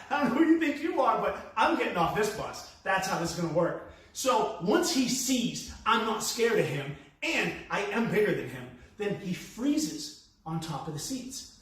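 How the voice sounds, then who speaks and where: A lively, high-voiced man with a New York accent tells a stand-up story and throws himself into every quoted line. His voice rings around a very echoey room, picked up from a distance. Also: measured pace. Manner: animated, acts out quotes with big pitch swings. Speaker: comedian. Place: live stand-up venue.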